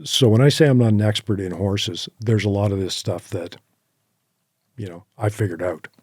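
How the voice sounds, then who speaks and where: Man guest, low mellow voice, lively yarn-spinning, dry close podcast mic. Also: normal speed, husky, dry recording. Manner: animated anecdotes with quoted asides and laughs. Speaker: podcast guest, horseback hunter. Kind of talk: casual interview storytelling.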